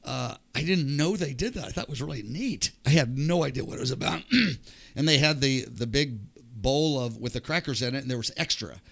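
Older man telling a lively life story. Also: mid-range voice, a little fast, vocal fry. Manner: animated, acts out the voices of people in his story. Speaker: podcast guest. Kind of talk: personal testimony storytelling.

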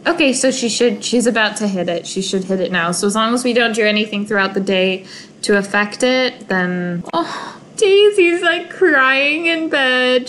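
Young woman, video game creator, slightly high voice, slow and emotional, casual play-along commentary, faint background noise. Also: poor audio. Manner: gushing and emotional, sighing over sad moments.

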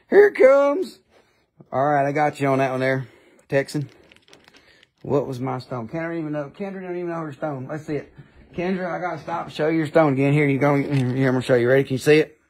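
A man's voice: fairly high pitch, steady tone, quick pace, darkish tone. A man with an Appalachian accent selling rocks on a live stream, rambling and joking in a casual chat. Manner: joking, rambling, playful funny voices. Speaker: live-stream rock seller.

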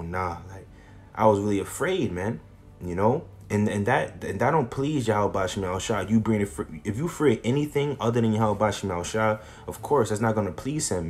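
Casual male preacher, lowish voice, street-style talk over faint background music. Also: darkish tone. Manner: casual, repeats "man" and "you know" often; reads scripture slowly. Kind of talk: informal scripture teaching.

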